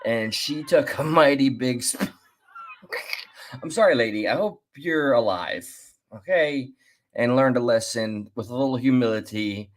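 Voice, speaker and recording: A man casually commenting while reacting to a clip, chatty and rambling, with restarts. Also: mid-range voice. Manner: chatty, laughs and restarts, drawn-out asides. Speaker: commentary host.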